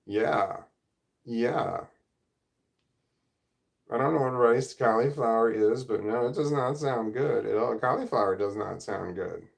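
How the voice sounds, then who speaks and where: A middle-aged man chats loosely on a livestream from his room, reading out comments and drifting onto side thoughts. His voice sits in an ordinary middle pitch with a gravelly, creaky edge. He talks in a rambling, self-deprecating way. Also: measured pace, pauses often. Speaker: livestream host reading chat. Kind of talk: casual livestream chat. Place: home room, indoors. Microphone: camera or phone mic at desk.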